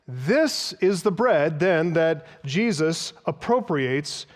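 A man preaching an expository sermon in a reverberant church hall, his voice pitched a little high for a man. He speaks with emphasis, pausing to explain key terms and quote older sources. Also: lively intonation. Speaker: pastor.

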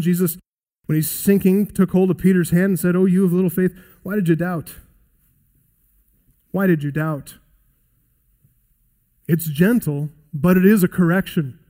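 A man preaching a sermon in an earnest, emphatic way, slowing down to stress key lines and quoting scripture aloud. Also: sits high, a little mellow.

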